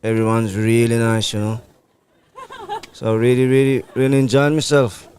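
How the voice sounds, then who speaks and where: Brief: man putting on a mellow West Indian accent, cricket pro, easygoing, mid pitch. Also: flat delivery, normal speed, slight background noise, close to an everyday voice. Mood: laid-back. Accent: put-on West Indian. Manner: easygoing, ends phrases with "man". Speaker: club professional cricketer.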